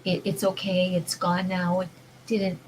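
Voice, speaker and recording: A woman's voice: fairly low pitch, monotone, measured pace, background noise. A woman talking in an earnest, rambling way about mindful living, often restarting her sentences. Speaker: vlogger. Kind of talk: casual spiritual monologue.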